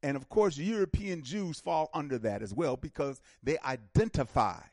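A man's voice: on the high side, normal speed, a little mellow, dry recording, studio quality. A man hosting a call-in radio talk show, speaking emphatically and animatedly, often repeating words as he builds a point.

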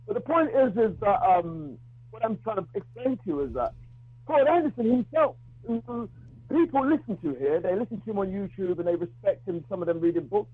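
A man phones in to a talk radio show, thin and tinny as a phone line makes him, with a dry sound close to the receiver. His voice sits high for a man and has a husky edge. He talks bluntly but haltingly, often repeating and restarting words as he makes his point. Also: lively intonation, dry recording. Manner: outspoken, argues his view. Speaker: radio call-in caller. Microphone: telephone.

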